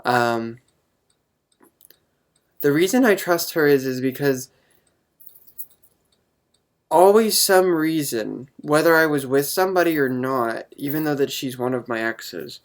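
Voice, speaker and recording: Young man vlogger, unsure and halting, earnest, wears his heart on his sleeve. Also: medium pitch, expressive. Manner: hesitant, halting, full of ums; earnest and openly emotional. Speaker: vlogger answering viewer questions. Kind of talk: casual chat to camera.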